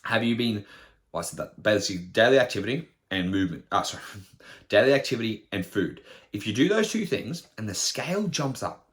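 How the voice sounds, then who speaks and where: A man's voice: on the low side, expressive, fairly quick, a bit bright. A young man, a personal trainer, talking casually on his podcast in a blunt, swearing, ranting way.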